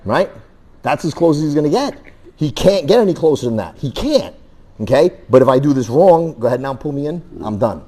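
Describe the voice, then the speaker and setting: A man's voice: a little high, sing-song, a little fast, mellow. A man instructing a martial arts class through a worn mic, telling stories and punching out sound effects as he demonstrates moves. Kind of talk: teaching a class. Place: training room.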